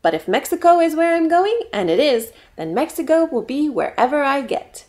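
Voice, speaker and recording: A woman gives voice to a small, determined caterpillar in a children's storybook, earnest and chanting her words in a sing-song way. The voice sits high and swoops lively. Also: moderate pace. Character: determined little female caterpillar turned butterfly.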